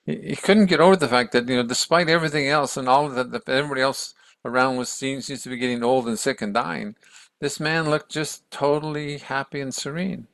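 Man, casual storyteller, conversational with restarts, gravelly voice, mid pitch. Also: brisk, fairly bright tone, no echo. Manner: conversational, many restarts, acts out quotes. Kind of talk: casual spoken retelling of a story.

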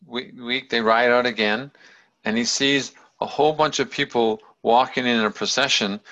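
A man tells a story in a loose, rambling way. His voice is gravelly with a bright, forward edge. It comes through a dull, lo-fi recording. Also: lowish voice. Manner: loose and rambling, many fillers and restarts. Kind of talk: casual spoken storytelling.

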